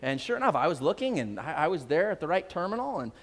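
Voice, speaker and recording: High-voiced man preaching in a reverberant hall. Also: sing-song, quick pace. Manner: conversational, repeats phrases, frequent "uh" fillers. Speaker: pastor. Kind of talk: sermon storytelling. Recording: long reverb of a large hall.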